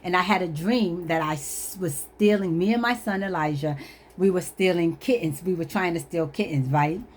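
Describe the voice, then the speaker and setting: A woman vlogger telling a personal story in an animated, emphatic way, often laughing at herself. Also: on the low side, normal speed, slight background noise. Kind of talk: storytelling testimony.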